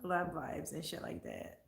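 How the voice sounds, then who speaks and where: A woman's voice: on the low side, expressive, slow pace, gravelly, roomy sound. A woman vlogger chatting casually and answering comments, blunt and profane, getting heated as she talks.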